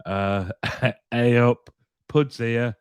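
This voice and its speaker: A man's voice: mid-range voice, steady tone, very slow, clean tone, no room sound, studio quality. A man hosting a casual live show, greeting viewers one by one and laughing lightly as he chats. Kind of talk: casual live-stream chat, reading viewer comments aloud.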